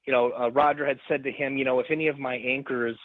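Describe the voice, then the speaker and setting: A young man calling in to a radio talk show, speaking hesitantly with frequent pauses and restarts. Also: medium pitch, little pitch movement, no echo, narrow, tinny audio. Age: young adult. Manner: hesitant, many fillers and restarts. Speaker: caller.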